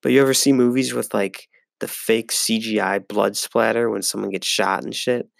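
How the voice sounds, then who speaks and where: A man's voice: on the low side, fairly even intonation, moderate pace, gravelly, no room sound, clean studio sound. A young man hosting a casual solo sports podcast, rambling and swearing freely with lots of fillers. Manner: rambling and profane, with frequent fillers. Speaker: podcast host.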